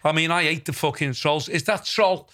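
Older Liverpool bloke, podcast host, bright and sharp-toned, blunt and sweary, talks a touch high. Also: male voice, moderate pace. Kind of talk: casual chat.

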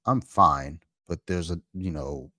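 Man, very low voice, podcast host, dry close sound, hesitant and reflective. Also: slow pace, sharp tone, no echo. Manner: thoughtful, hesitant, many fillers. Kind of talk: reflective conversation.

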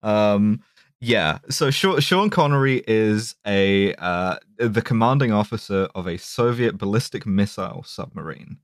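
A man's voice: on the low side, lively intonation, unhurried, dry recording. Man, podcast host, casual recap, joking, dry close sound. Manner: joking, laughs a lot, many fillers. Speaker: podcast host summarizing a film. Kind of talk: casual chat.

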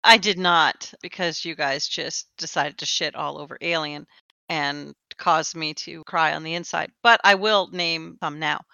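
Woman, podcast co-host, bright, smooth, playfully dramatic, slightly dull lo-fi sound. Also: sits low, fairly even intonation, unhurried, no echo. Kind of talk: casual chat.

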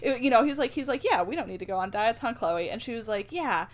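A woman's voice: fairly high pitch, lively intonation, fast. A young woman co-hosting a podcast, chatting casually with rambling, giggly asides. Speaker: podcast co-host. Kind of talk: casual chat.

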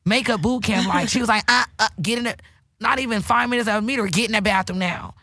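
Speaking at a quick pace in a mid-range, slightly bright voice, this podcast host delivers candid, casual talk that turns emotional and preachy, with frequent swearing. The audio is studio quality with no echo.

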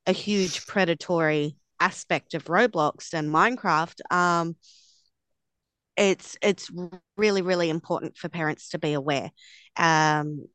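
A woman's voice: fairly low pitch, unhurried, fairly bright tone, clear, resonant tone, dry recording. A middle-aged woman as guest co-host on a podcast, talking earnestly with firm opinions. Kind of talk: casual podcast chat.

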